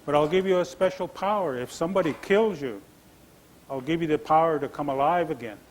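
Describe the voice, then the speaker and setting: A man voicing a wise, calm male Creator spirit who hands out gifts in a told legend. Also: on the high side, a little hiss or hum, close to an everyday voice, rough recording. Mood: solemn. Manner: measured, promising.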